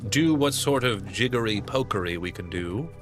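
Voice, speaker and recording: A man's voice: on the low side, animated, normal speed, soft background music. A man casually commenting on his gameplay, chatty with muttered asides. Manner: chatty, mumbling asides to himself. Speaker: let's play host.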